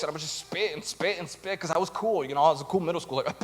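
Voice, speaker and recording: Speaking a little high and at a quick clip, a young man preaches a funny sermon on a church stage. As the pastor, he narrates with animation and voices the other characters himself.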